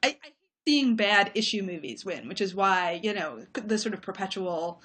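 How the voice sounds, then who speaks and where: A woman's voice: medium pitch, animated, normal speed, a bit bright. A woman film critic talking through her views on movies in a thoughtful, analytical way, with many fillers, over a remote call. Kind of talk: casual conversation about movies.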